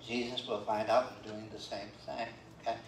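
An older man's fairly low voice, with little pitch movement and a moderate pace, carries his sermon as pastor in the church sanctuary. He speaks conversationally with many fillers and "okay?" check-ins. The roomy, distant livestream has a little hiss or hum.

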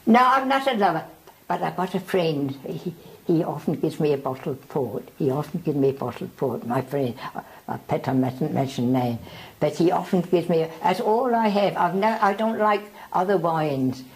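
A woman over a hundred years old, from South Africa, giving an oral history interview, speaking haltingly and often repeating herself. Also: low-pitched, lively intonation, poor audio. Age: over 100.

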